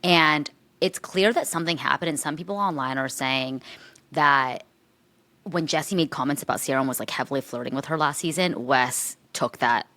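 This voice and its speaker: Bright-voiced low-pitched woman podcaster. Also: normal speed. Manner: gossipy, playful, slips into impressions and accents. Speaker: podcast co-host. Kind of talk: casual chat.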